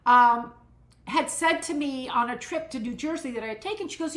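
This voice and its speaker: A woman in her sixties, a guest telling funny stories with animated, laughing energy. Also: sits high, moderate pace. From United States, Cuban community. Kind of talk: casual interview chat. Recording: roomy echo.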